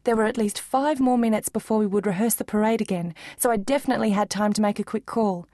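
A woman narrating a children's book in first person, lively and expressive. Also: medium pitch, fast talker, dry recording, studio quality. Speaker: audiobook narrator.

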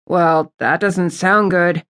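A woman narrating an audiobook, voicing a relaxed, dry-humored young man. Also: mid-range voice, normal speed, natural voice. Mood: easygoing. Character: wry laid-back young man, a boyfriend.

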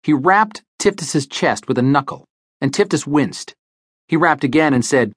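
A man reads hard-boiled noir fiction in a measured, dry delivery. His husky voice moves lively through its range, recorded close and dry with no room sound. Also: a little high, dry recording. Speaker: audiobook narrator. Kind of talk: scripted noir narration. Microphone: close studio mic.

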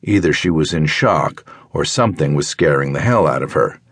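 A man narrating a thriller audiobook in a measured, even storytelling manner. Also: very deep voice, breathy edge, no room sound, studio quality. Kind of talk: scripted narration.

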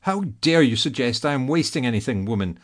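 A man's voice: mid-range voice, lively intonation, brisk, close to an everyday voice. A man voicing a sleek, vain male black tomcat who talks in a pompous, peevish way, read in a storybook. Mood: haughty, peevish.

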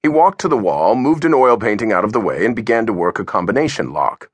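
A male audiobook narrator reads a novel in steady scripted narration. His voice is husky and moves up and down a lot as he tells the story. He sits close to the mic in a dry, quiet studio. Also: on the low side, fairly quick, few pauses, dry recording.

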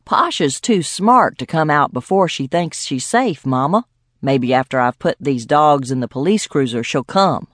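A woman narrator voicing a middle-aged male police chief with a rough, raspy voice, patient and gruff. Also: low-pitched, expressive, normal speed, dry recording, studio quality.

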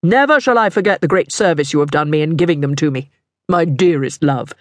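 A woman puts on a lowered, unhurried voice for a suave cardinal in his middle years, smooth and condescending. The delivery is slow and deliberate, in a dry, close recording. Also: dry recording, lightly acted. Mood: smooth, commanding. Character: suave, self-assured middle-aged male cardinal.

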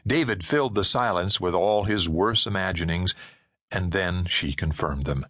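A low, husky male voice reads a suspense audiobook with a lively, shifting pitch. The delivery is measured and expressive. The sound is dry and close to the mic. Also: dry recording. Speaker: audiobook narrator. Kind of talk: scripted narration.

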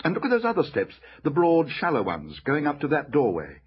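A man's voice: fairly high pitch, wildly swooping pitch, dull audio, pitched above the performer's own voice. A man voicing earnest, commanding eldest boy Peter. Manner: brisk, reasoning point by point.

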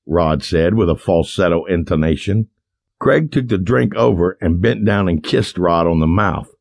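Brief: male audiobook narrator, low, husky voice, dry close sound. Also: normal speed, darkish tone, no echo. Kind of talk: scripted narration.

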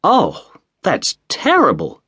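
A man's voice: medium pitch, sing-song, unhurried, husky. A man voicing an indignant, fussy middle-aged woman who exclaims.

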